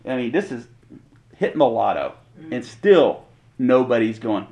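A gravelly-voiced man leads a relaxed Bible teaching. He reads a passage, then unpacks it in plain modern talk with wry jokes, his pitch swinging widely as he goes. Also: measured pace. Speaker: pastor.

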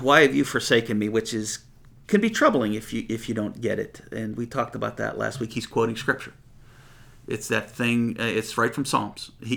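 A man's voice: mid-range voice, gravelly, sharp tone. A man giving an informal, earnest Bible teaching in a conversational, digressive way. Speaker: preacher.

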